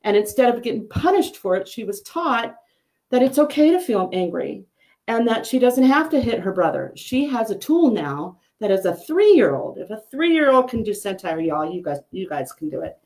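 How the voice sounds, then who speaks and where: Chatty woman telling a story. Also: normal speed. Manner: chatty storyteller, animated with pitch jumps on quoted lines. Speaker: psychic medium and healer. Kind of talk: casual chat.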